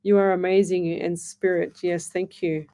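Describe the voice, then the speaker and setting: Chatty woman, mellow voice. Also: fairly low pitch, little pitch movement, moderate pace. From Australia. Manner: chatty, reassuring, calls listeners lovey; reads listener comments aloud. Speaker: psychic medium radio host. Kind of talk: live call-in readings.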